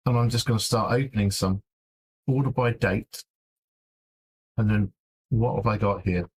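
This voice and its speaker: Streaming alone, a man mutters fretfully as he thinks aloud while searching through files. His voice is husky and fairly low, and the talk is casual live-stream commentary.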